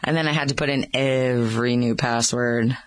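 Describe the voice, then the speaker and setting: A woman's voice: a bass voice, steady tone, moderate pace, no room sound. A mother in her thirties or forties chatting casually, laughing often and getting emotional. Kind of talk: casual chat.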